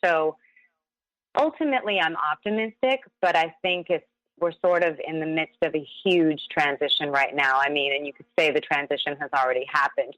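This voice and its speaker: A woman's voice: sits low, a bit bright, dry recording, poor audio. A woman, a singer and actress, chatting as a podcast guest in an upbeat way and laughing often. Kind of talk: casual interview chat.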